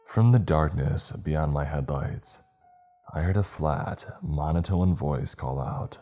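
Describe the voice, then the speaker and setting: Deep dark guy narrating a scary story slow and ominous, faint music under it. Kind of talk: scripted horror narration.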